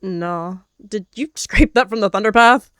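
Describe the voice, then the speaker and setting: A woman's voice: lowish voice, slow, creaky, no room sound, studio quality. A woman voicing a snide, bossy young male apprentice cat who mocks and dismisses others. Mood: mocking. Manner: mocking, dismissive.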